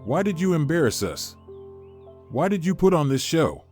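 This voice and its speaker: Guy doing a hissy angry husband in a story, lively up and down voice. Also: on the high side, normal speed, faint music behind, voice pushed up. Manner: hissing, shouting. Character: angry controlling husband, hissing and pleading.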